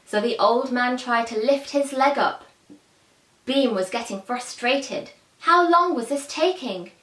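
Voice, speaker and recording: A woman's voice: fairly high pitch, unhurried, fairly bright tone. A woman telling a children's story expressively, asking her listeners questions, in an echoey room.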